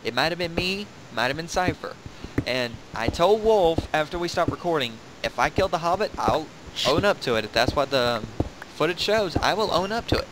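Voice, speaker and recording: A man's voice: on the high side, lively intonation, fairly quick, noisy background. A young man hosting a gaming video, rambling and joking in casual commentary while laughing at himself.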